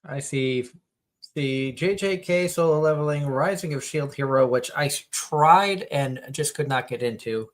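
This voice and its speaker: A man's voice: on the high side, a little slow. A man co-hosting a livestream, chatting casually while gaming, reading off lists and teasing his co-host.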